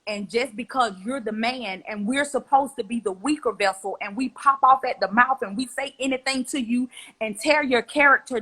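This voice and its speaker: Earnest young woman, emotional apology, slightly high and husky. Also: pushed and bright, low-quality recording. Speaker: guest. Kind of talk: heartfelt spoken apology.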